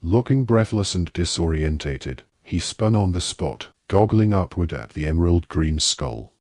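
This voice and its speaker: Man, audiobook narration, deep voice, husky, dry close sound. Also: expressive, darkish tone, no echo. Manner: measured storytelling.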